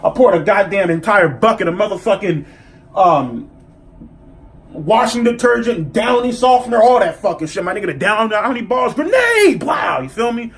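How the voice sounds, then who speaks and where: A man telling a story in a casual vlog, profane and animated as he rants. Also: sits high, moderate pace. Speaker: vlogger.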